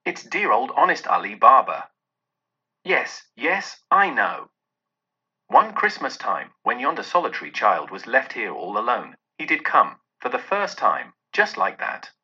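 A man's voice: mid-range voice, wildly swooping pitch, unhurried, sharp tone, slightly rough, heavily acted. A man voicing an elderly male miser who wavers between laughing and crying as old memories return. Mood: tearful excitement. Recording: dull lo-fi recording.

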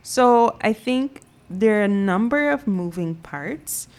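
A woman's voice: mid-range voice, animated, takes it slowly, darkish tone. A woman hosting a radio call-in show, musing thoughtfully with many fillers. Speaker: radio talk show host.

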